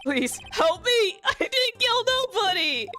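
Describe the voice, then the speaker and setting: A woman's voice: extremely high pitch, sing-song, slow, pushed and bright, soft background music, pitched above the performer's own voice, heavily acted. A woman voicing a panicked country bumpkin man with a Southern US accent, pleading in folksy turns of phrase.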